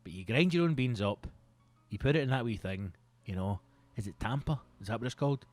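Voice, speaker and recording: A Scottish comedian in his thirties hosting a podcast, rambling through a casual comic monologue that is full of swearing and breaks into loud outbursts. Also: medium pitch, a little fast, faint music behind. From Scotland. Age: 30s. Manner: sweary, rambling, animated bursts into loud exclamations.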